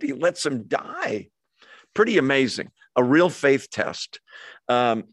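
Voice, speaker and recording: A man's voice: medium pitch, fairly bright tone, no echo, studio quality. A man preaching to a congregation in a conversational way, often asking the room questions. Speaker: pastor. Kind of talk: sermon. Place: church hall with a live congregation.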